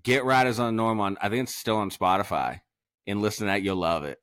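Low guy from massachusetts on a podcast, swears a lot, laughs, dry close sound. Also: fast, dry recording. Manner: profane, animated storytelling with frequent laughs. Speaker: podcast host. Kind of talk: casual podcast chat.

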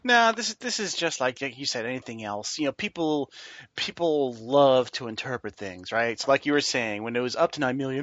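A man's voice: mid-range voice, expressive, moderate pace, fairly bright tone, dry recording. Easygoing man co-hosting over a dull, dry mic. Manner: easygoing, musing, full of "you know" and "right?". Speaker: podcast co-host. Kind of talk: casual gaming podcast chat.

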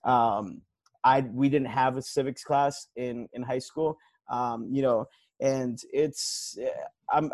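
Earnest man with a dark, mellow voice. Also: mid-range voice, no echo. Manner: earnest, lots of um and you know. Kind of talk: casual conversation on civic issues.

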